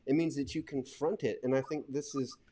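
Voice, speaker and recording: A man in his thirties hosting a casual panel discussion, telling stories in a rambling, animated way. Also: mid-range voice, brisk, a crowd in the background. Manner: rambling, animated storytelling with laughs. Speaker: host.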